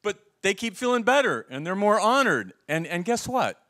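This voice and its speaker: With a high voice and a moderate pace, a middle-aged pastor preaches, narrating stories animatedly. He also quizzes his listeners with questions throughout.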